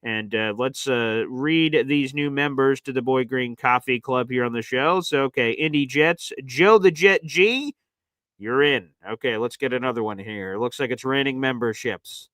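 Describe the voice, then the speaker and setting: A man's voice: mid-range voice, moderate pace, fairly bright tone, no echo, clean studio sound. A man hosting a casual sports livestream, hyped up and calling his viewers "baby" as he reads off gifts. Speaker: livestream host.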